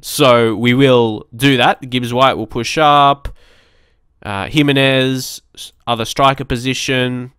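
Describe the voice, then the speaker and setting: Young guy, gaming commentator, smooth clear voice, dry close mic, chatty and rambling. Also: medium pitch, slow pace, a bit bright, no room sound. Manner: chatty, rambling, reacts aloud to the match. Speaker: let's play commentator. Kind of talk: casual gameplay commentary.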